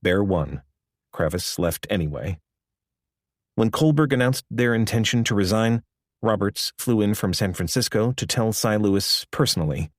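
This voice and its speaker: A man narrating a nonfiction audiobook in a measured, even storytelling manner. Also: lowish voice, dry recording. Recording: dry close studio recording.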